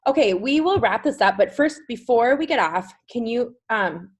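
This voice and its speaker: A woman's voice: on the high side, lively intonation, moderate pace, slightly rough. A woman in her thirties hosting a group video call, recapping a weekend event in a chatty, enthusiastic way with lots of "like.". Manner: chatty, says "like" often, warm enthusiasm. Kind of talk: casual recap talk.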